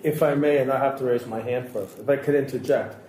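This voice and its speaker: A man's voice: medium pitch, fast, a loud crowd. Man telling a story in an echoey room. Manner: storytelling, long anecdotes with quoted dialogue. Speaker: podcast co-host. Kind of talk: casual roundtable chat. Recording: roomy echo, faint background hiss.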